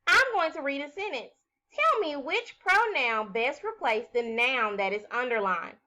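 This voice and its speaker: Bright, slow-talking woman teacher. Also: fairly high pitch, lively intonation. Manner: slow, clear, encouraging, sounding out words. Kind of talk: recorded phonics lesson for young children.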